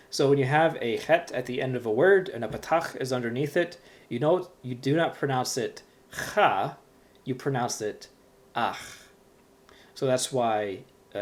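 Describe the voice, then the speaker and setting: Guy walking through a language lesson, patient, lots of ums, mid-pitched voice. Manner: patient, explanatory, with frequent fillers. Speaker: Hebrew teacher.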